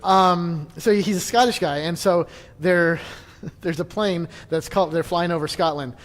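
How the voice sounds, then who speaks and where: A man's voice: a little high, moderate pace, big-room sound. A man casually leading a church history class, chatty and joking, with frequent restarts.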